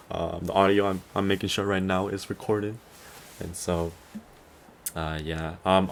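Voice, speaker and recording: A man's voice: low voice, a little hiss or hum. A man in his twenties hosting his own podcast in a casual, rambling way, a little tired, full of fillers and small chuckles. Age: 20s. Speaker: podcast host. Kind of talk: casual solo podcast chat.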